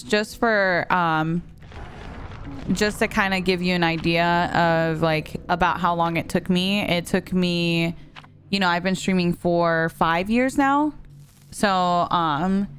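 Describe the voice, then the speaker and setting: A young adult woman streaming a game, chatting casually and telling a story in an animated way, with lots of "like.". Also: on the low side, a little hiss or hum. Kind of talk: casual chat while gaming.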